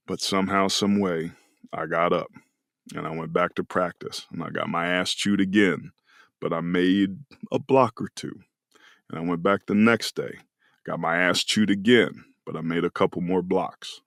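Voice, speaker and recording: A low-voiced man in his forties from California, a former football player appearing as a podcast guest, tells a personal story in an earnest, reflective and emotional way. It's a casual storytelling conversation, recorded with clean studio sound and no echo.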